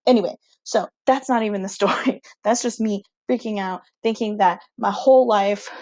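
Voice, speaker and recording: A young woman teacher telling her students a casual, animated story, excitable and full of "like". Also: mid-range voice, moderate pace, no echo.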